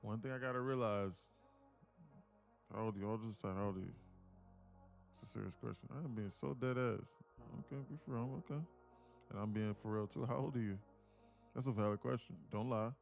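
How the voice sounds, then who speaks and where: A man from with a gravelly voice, boasting about his trading and bantering with viewers on a live stream from his home apartment. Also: fairly low pitch, brisk, long pauses, soft background music. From Atlanta, USA. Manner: boastful, teasing banter with chat. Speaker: day trader streamer.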